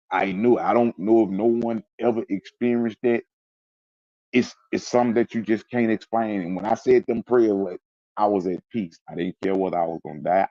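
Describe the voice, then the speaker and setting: A man's voice: deep voice, warm tone, no echo, muffled recording. A man telling a personal story in an interview, in an intense, emphatic way, sometimes mimicking sounds. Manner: intense, emphatic retelling with spoken sound effects. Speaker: interview guest. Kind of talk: personal storytelling in casual chat.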